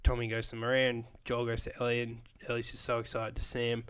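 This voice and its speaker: A man's voice: medium pitch, monotone, fast, a bit bright, clean tone. Man rambling through a casual recap. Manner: rambling recap with many fillers, asks questions. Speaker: podcast co-host. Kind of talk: casual chat.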